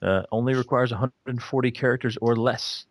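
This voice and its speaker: A man's voice: medium pitch, fairly even intonation, moderate pace, no echo. A man hosting a casual podcast, laid-back with dry humor as he reads out plugs. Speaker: podcast host. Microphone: new microphone.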